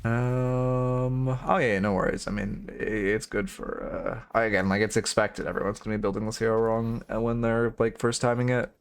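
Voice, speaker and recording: A man's voice: mid-range voice, steady tone, normal speed, few pauses, smooth. A young man streaming and coaching a game, rambling through frank, profane critique in casual commentary.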